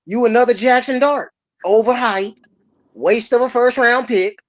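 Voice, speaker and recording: A podcast host, ranting about football in loud, mocking trash talk. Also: mid-range voice, measured pace, no room sound. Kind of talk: heated sports podcast talk. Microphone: remote streaming mic. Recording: dry, slightly muffled audio.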